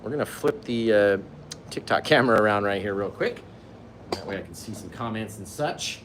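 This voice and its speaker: Speaking expressively at a moderate pace in a lowish voice, a man in his forties leads a livestreamed painting class in his studio. The mic is far away, the room echoes, and there's noise behind him as he playfully reads out comments, joking and gushing with viewers.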